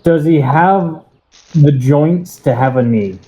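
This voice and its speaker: A man playing a tabletop game, describing his character's actions deliberately and hesitantly, with fillers. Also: a little high, warm tone, a little hiss or hum. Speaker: player. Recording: muffled lo-fi audio.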